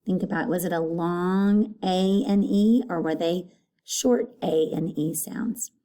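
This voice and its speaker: A woman teacher giving a recorded phonics lesson, patient and repeating each word clearly. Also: lowish voice, takes it slowly, warm tone.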